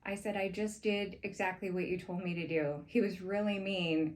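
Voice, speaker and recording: A woman's voice: mid-range voice, moderate pace, few pauses. Earnest woman telling a sales story. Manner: earnest, grows animated while retelling events. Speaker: sales manager pitching a proposal. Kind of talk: personal story told as a pitch.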